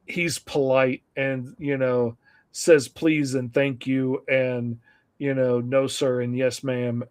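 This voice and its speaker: Man, co-host, casual live-stream chat, eager, rambling, lots of fillers. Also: medium pitch. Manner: enthusiastic, rambling, many fillers.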